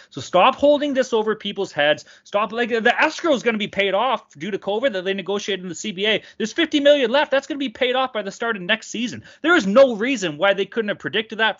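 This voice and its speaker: A man co-hosting a sports podcast, delivering an angry, profane, rapid-fire rant. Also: a little high, a bit bright. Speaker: podcast co-host. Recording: dull lo-fi podcast audio.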